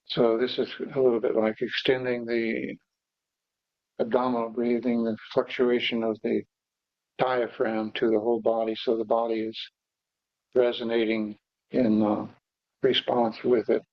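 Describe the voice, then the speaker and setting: A man teaching meditation, guiding breathing exercises slowly and haltingly, with pauses and fillers. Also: medium pitch, flat delivery, no echo. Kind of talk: guided breathing instruction. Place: meditation hall. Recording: dull, dry lo-fi recording.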